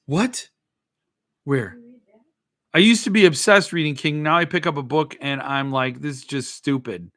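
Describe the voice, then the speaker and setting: A man's voice: a little high, unhurried, long pauses, fairly bright tone. A middle-aged man hosting a casual live show, rambling and joking as he reads viewer comments aloud. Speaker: podcast host. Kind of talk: casual livestream chat.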